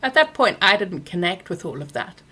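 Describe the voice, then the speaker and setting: A woman, hosting a live Q&A and telling a personal story, animated when she acts out what others said. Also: lowish voice, normal speed, breathy edge. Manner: animated when acting out quoted people. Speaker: workshop host answering questions.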